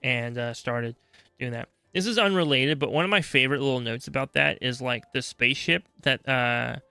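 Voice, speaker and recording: A man's voice: medium pitch, normal speed, bright, forceful tone, clean tone, dry recording, soft background music. A man hosting a podcast, explaining game lore in a chatty, casual way and checking in often with "right?". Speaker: podcast host.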